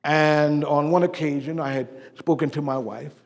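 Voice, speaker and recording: A man playing a dignified civil rights preacher, telling his life story in a first-person stage monologue, with measured oratory that swells emphatically and drops to a hush. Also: a little high, fairly even intonation, in a large hall, lightly acted. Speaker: living-history performer. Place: stage performance.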